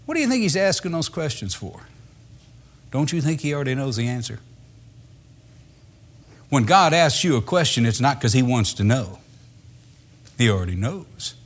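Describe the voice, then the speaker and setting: A man preaching a sermon in a lively, conversational way, reading scripture and then explaining it with laughter and acted-out voices. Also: mid-range voice, normal speed, long pauses.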